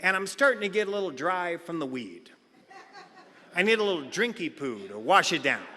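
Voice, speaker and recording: A man's voice: high-pitched, very animated, moderate pace, pushed and bright. A middle-aged man telling a comedic personal story at a recovery meeting, acting out other people's lines. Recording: long hall reverb.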